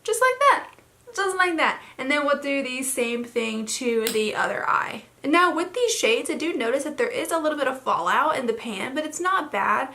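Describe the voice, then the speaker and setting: A young woman with a bright, somewhat high voice talks her way through a makeup tutorial in a loose, rambling way, full of fillers. Her throat sounds a little hoarse. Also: expressive, moderate pace, few pauses. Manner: chatty, rambling with many fillers. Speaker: beauty vlogger. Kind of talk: casual makeup tutorial chat.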